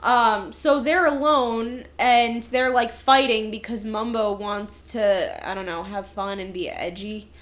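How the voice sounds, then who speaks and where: A woman's voice: fairly high pitch, slow, hardly any pauses. A woman in casual chat retelling a movie, acting out its lines as she goes. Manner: animated storytelling, acting out lines with laughs. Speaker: podcast co-host reviewing a movie.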